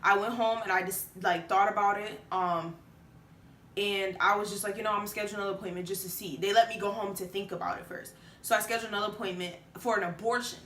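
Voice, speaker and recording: A young woman in her late teens tells a personal story in a loose, chatty way, full of fillers. Her voice sits at a middle pitch. The room is echoey with a faint hum behind her. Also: fairly even intonation, fast, fairly bright tone. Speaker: vlogger. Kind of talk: casual storytelling to camera.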